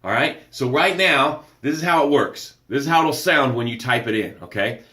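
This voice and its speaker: A man's voice: mid-range voice, moderate pace, roomy sound. Emphatic man hosting a motivational show. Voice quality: energetic, emphatic, preacher-like delivery. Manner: greets viewers by name and reads their comments aloud. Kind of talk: live-streamed motivational talk.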